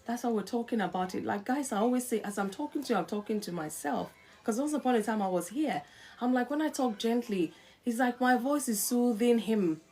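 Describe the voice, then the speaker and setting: A middle-aged woman talks straight to her listeners about marriage, her voice sitting a little high. She speaks in an earnest, coaching way that turns lively when she acts out a spouse mid-argument. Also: brisk, faint music behind. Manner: animated, acts out quarrelling spouses in quotes. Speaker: host. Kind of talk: live-stream marriage advice talk.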